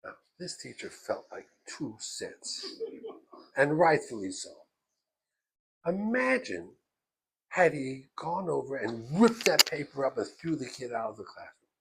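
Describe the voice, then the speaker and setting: A rabbi giving an emphatic, storytelling lesson. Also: male voice, mid-range voice, big pitch swings, a little slow, vocal fry, background noise.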